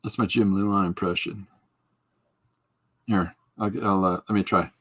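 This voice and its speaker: A man with a husky, slightly breathy voice hosts a relaxed livestream. He chats casually while drawing, greets viewers and reads their comments back. He chuckles at his own jokes. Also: low-pitched, measured pace. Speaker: podcast host.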